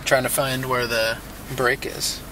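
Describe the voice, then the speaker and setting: A man's voice: medium pitch, flat delivery, a little slow, bright, forceful tone, a little hiss or hum. A man chatting casually on a vlog, laid-back and giving short replies. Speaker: vlogger's partner. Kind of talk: casual chat.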